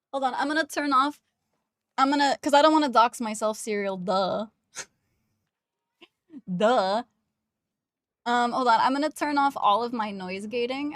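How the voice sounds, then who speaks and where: A woman's voice: a little high, no echo. A woman streaming live from home on a wireless mic, chatting casually and giggling as she coos baby talk to her cat.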